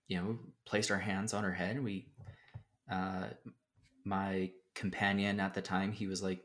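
A young adult man, a podcast guest, telling stories in a casual, animated way, with filler words and many acted-out quotes. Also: deep voice, a little slow. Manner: animated storyteller who acts out quotes. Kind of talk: casual storytelling in a podcast interview.

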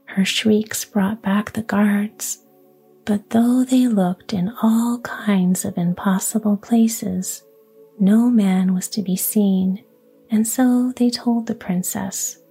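A woman reading a fairy tale aloud in a soft, even, unhurried whisper. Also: mid-range voice, creaky, slightly rough, soft background music. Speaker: storyteller.

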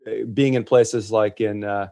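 A man telling travel stories as a guest in casual chat, restarting often and getting lively in the punchlines. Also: lowish voice, a little slow, vocal fry. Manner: animated storyteller, many restarts.

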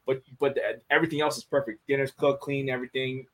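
A man's voice: medium pitch, fairly even intonation, quick pace, low-quality recording. A man chatting candidly on a podcast, swearing freely and restarting his sentences as he thinks. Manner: candid and profane, repeats words while thinking. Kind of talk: casual podcast chat.

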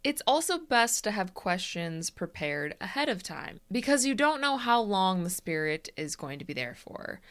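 Deadpan young woman podcast host. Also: medium pitch, normal speed, few pauses. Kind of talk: casual podcast chat, reading notes.

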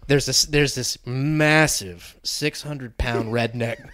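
A man telling a long story in casual, profane chat, animated and often laughing. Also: mid-range voice, slow.

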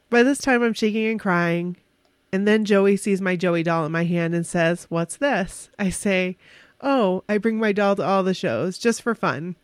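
A woman casually telling an excited, emotional story on a podcast, with restarts and quick bursts. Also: mid-range voice, dry recording.

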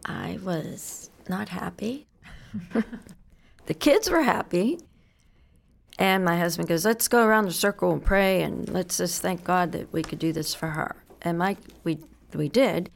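Middle-aged woman, lowish voice, gravelly, candid, self-deprecating storytelling. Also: measured pace. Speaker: pastor's wife. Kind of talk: storytelling testimony.

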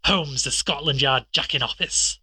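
A man voicing a huge, fierce old country doctor who snarls threats, in a husky, lowered voice. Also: moderate pace, sharp tone, no echo, low-quality recording. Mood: menacing. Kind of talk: audiobook character reading.

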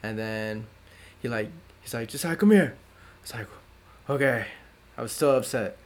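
A young man co-hosting a podcast, chatting casually in relaxed slang and acting out the people in his stories. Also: normal speed. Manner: laid-back slang, acts out his dad in a higher voice. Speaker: podcast co-host. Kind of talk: casual chat.

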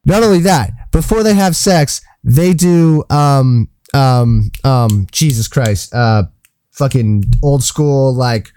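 A man's voice: medium pitch, slow, dark tone, clear, resonant tone. A man co-hosting a casual podcast, rambling through a film scene, searching for words and swearing casually. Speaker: podcast co-host. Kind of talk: casual chat.

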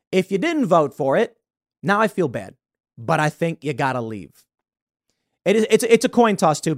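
Guy doing political commentary, reads the news then gives his blunt take, higher-ish voice, super dry mic. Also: no echo. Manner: blunt, opinionated, reads news aloud and reacts. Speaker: show host.

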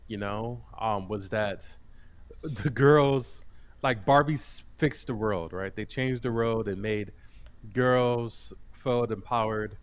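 A man's voice: fairly low pitch, slow. A man co-hosting a podcast, chatting casually about a film in a laid-back way. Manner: laid-back, frequent agreeing murmurs. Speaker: podcast co-host. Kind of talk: casual movie review chat.

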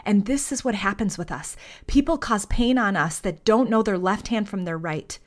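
A woman's voice: mid-range voice, normal speed. A woman hosting a faith podcast. She speaks in an earnest, heartfelt, conversational way, reads scripture aloud and prays. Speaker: podcast host.

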